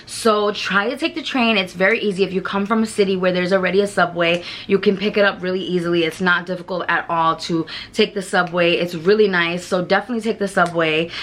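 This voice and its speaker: A woman's voice: fairly low pitch, steady tone, brisk, fairly bright tone. A woman giving casual travel tips to camera in a frank, chatty way with mild swearing. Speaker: travel vlogger.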